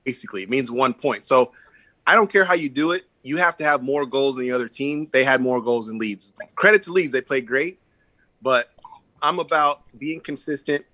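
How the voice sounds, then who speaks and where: A man's voice: medium pitch, normal speed, sharp tone. A man co-hosting a casual sports podcast, opinionated, leaning on "I think" and lots of fillers. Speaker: podcast co-host.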